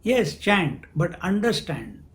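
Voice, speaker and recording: A man delivers a spiritual discourse. He speaks at an unhurried pace, often posing questions and then answering them himself. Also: high-pitched, sing-song, creaky, a bit bright. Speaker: spiritual teacher.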